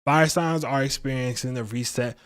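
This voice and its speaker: A man hosts a relaxed livestream tarot reading, his voice sitting at an ordinary middle pitch. He talks in a loose, playful way, pokes fun at himself and leans on plenty of fillers. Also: normal speed, smooth. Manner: chatty and playful, laughs at himself, many fillers. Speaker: astrology and tarot reader, livestream host.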